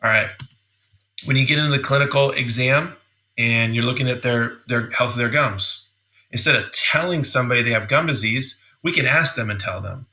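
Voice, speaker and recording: At a training seminar, a middle-aged man coaches dental teams in a mid-range voice at normal speed. He's energetic, repeating words as he acts out sample questions.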